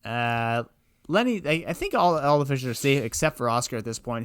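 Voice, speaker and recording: A man's voice: mid-range voice, animated, normal speed, clear, resonant tone, no room sound, studio quality. Man casually recapping a movie. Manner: rambling movie recap with acted-out quotes. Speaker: podcast co-host. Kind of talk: casual chat.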